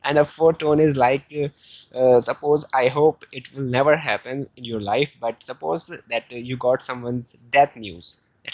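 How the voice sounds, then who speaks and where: A man with a South Asian English accent teaching a beginner language lesson, explaining slowly and patiently with many fillers. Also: medium pitch, a little mellow, no echo. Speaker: Chinese teacher. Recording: dull lo-fi sound.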